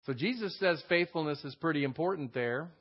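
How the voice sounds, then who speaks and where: A man's voice: a little high, expressive, a little fast, lo-fi sound. A man teaching a verse-by-verse Bible lesson in a conversational way, reading scripture aloud and stressing key words. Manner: conversational, reads scripture aloud with added emphasis.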